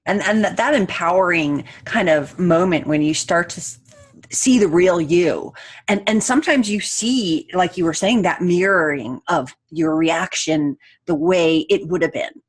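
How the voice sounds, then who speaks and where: A woman hosting an interview, reflecting slowly with short affirmations. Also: lowish voice. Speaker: host. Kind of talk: casual interview.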